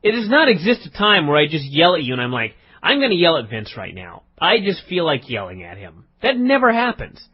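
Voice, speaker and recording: A man's voice: on the high side, wildly swooping pitch, fairly quick, few pauses, slightly rough. A man co-hosting a podcast, teasing his partner in a rambling, mock-serious casual chat, on dull lo-fi audio. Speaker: podcast co-host.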